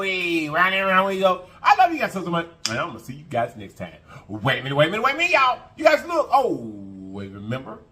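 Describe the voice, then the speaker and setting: A man's voice: medium pitch, pushed and bright. A man hosting an eating show, talking earnestly and a little preachily to his viewers, repeating phrases and addressing them as y'all. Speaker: mukbang eating-show host. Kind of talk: casual heartfelt talk to camera.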